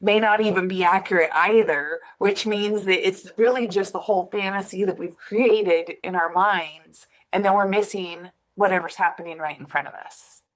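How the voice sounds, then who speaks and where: A woman's voice: mid-range voice, moderate pace, few pauses. A woman hosting a podcast in casual conversation, reflective and thoughtful, who laughs easily. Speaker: podcast host.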